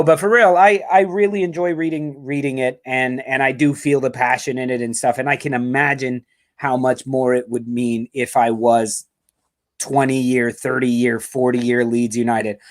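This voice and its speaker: A man's voice: medium pitch, steady tone, normal speed. A man hosting a live fan show over a video call, rambling and joking, and he talks nonstop. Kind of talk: casual live-stream chat.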